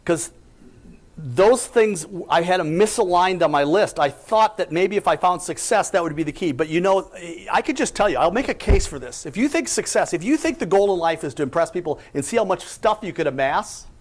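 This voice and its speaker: A man's voice: high voice, expressive, a little fast. Storytelling man with a raised voice. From United States. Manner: storytelling, rhetorical questions, emphatic. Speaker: company president giving a talk. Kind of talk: inspirational speech.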